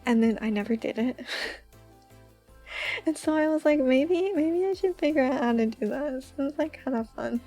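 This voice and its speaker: Young woman, streamer, soft-spoken chat, high voice, mellow tone, giggly, faint music behind. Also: unhurried, pauses often. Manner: giggly, rambling, says "like" often.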